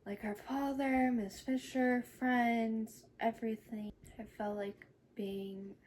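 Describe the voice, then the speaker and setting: Slow-talking woman recapping a book. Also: a little high, steady tone, a little mellow. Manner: retells scenes in quotes, "she's like". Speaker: book reviewer. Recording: noisy background hiss.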